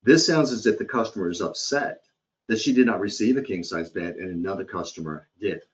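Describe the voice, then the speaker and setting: Low-voiced man giving a training webcast. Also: fairly quick. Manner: conversational, checks in with "okay?". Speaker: hospitality trainer. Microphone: computer or headset mic on a webcast. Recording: dull lo-fi webcast audio.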